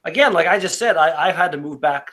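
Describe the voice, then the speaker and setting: A man's voice: fairly high pitch, lively intonation, quick pace, crowd noise. A man in casual chat, rambling with lots of fillers and swearing.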